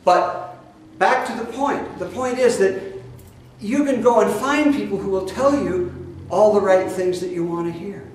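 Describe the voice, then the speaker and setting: A man's voice: sits high, unhurried, slight background noise. Emphatic man, echoey room. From Iowa, USA. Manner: emphatic, folksy, mocking asides. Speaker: spiritual teacher. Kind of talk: spiritual talk. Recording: very echoey room, heard from a distance.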